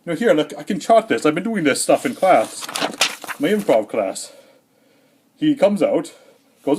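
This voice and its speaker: A man doing a rambling, deadpan comedic monologue in character as Santa, hesitant and full of fillers, a little out of breath. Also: a little high, a little slow, pauses often, a little hiss or hum. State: slightly out of breath.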